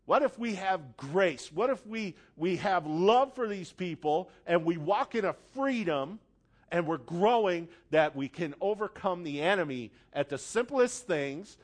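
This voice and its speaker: A man preaching a sermon, telling a story dramatically and building from quiet, hushed lines to loud, forceful appeals. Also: high voice, animated, measured pace.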